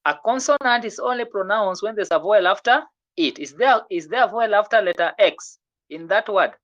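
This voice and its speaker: A teacher runs an online French pronunciation lesson, coaxing students to keep trying and repeating each word slowly for them to copy. The audio is muffled and lo-fi, and the voice sits in an ordinary middle pitch. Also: a bit bright. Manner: patient, encouraging, repeats words slowly for drilling.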